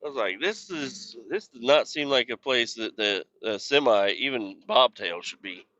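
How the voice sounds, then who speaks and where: On the road in his truck, a man hosts a podcast with an expressive, medium-pitched voice at a normal speed. His tone comes across pushed and bright through lo-fi sound while he spins rambling, foul-mouthed, easygoing stories.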